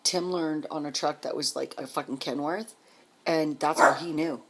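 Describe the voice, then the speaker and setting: A woman telling her life story casually on a vlog, blunt and swearing freely, with quick emphatic bursts. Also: low-pitched, fairly even intonation, heavy background noise. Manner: rapid, emphatic delivery.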